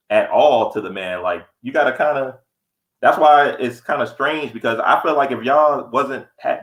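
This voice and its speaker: Podcast co-host, young man, quick blunt profane storyteller, roomy echo. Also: mid-range voice, a bit bright. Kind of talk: casual podcast chat. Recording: echoey room.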